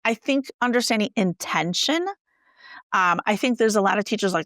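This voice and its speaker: A woman teacher, a guest in an interview, telling classroom stories in an animated, conversational way. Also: mid-range voice, normal speed, dry recording, studio quality. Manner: animated, acts out quoted dialogue. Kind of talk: conversational storytelling.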